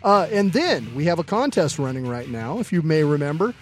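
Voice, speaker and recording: A man's voice: a little high, big pitch swings, a little fast, faint music behind. A man co-hosting a podcast, chatting casually and telling jokes, swearing freely and using a lot of fillers. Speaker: podcast co-host. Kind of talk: casual chat and joke telling.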